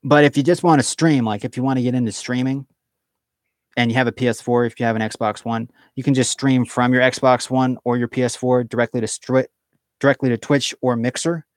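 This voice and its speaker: A man's voice: medium pitch, fairly even intonation, a little fast, dry recording, studio quality. A man hosting a casual live stream, reading out viewer comments and chatting in a rambling way, full of fillers and restarts.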